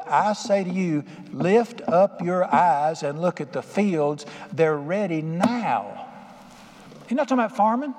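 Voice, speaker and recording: Older folksy preacher in a reverberant hall. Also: male voice, a little high, darkish tone. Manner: folksy, conversational preaching with acted-out quotes. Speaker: pastor. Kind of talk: sermon. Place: church sanctuary. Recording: reverberant hall with faint ambience.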